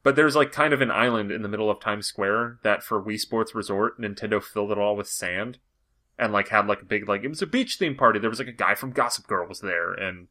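A man's voice: fairly low pitch, sharp tone. A man hosting a podcast in casual chat, rambling along with many "like" fillers. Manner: rambling, fast, full of "like" fillers. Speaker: podcast host.

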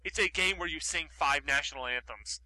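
Bright, rambling male podcast host. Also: fairly high pitch, fairly quick, low-quality recording. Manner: rambling, many fillers like "like" and "um". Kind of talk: casual chat.

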